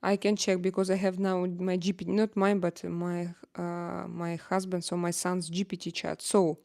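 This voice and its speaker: A woman's voice: fairly low pitch, little pitch movement, normal speed, creaky, few pauses, dark tone. A middle-aged woman with a Russian accent hosting a casual livestream chat and reading viewer comments aloud. She talks hesitantly, with many filler sounds and playful teasing.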